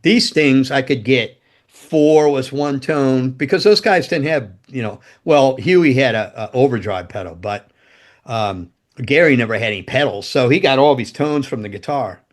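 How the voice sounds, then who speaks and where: A man's voice: medium pitch, lively intonation, normal speed. A man in his sixties, a former guitar tech, telling profane, rambling road stories as a podcast guest. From United States. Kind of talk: casual storytelling.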